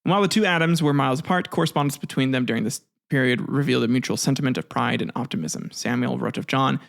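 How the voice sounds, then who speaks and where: A man's voice: medium pitch, quick pace, vocal fry, hardly any pauses. A man narrating history in a casual, offhand way, with jokes, asides and some swearing. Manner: offhand, joking, swears, restarts words. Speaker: history video host.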